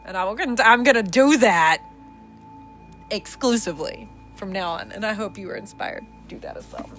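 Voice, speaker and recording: A young adult woman hosting a casual podcast, sassy and animated, laughing often. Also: on the high side. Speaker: podcast host.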